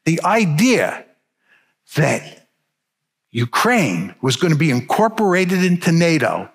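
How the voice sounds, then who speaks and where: A man's voice: a little high, sing-song, takes it slowly, slightly rough. An older man giving a public lecture, arguing his case emphatically and stressing key words. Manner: emphatic, argumentative.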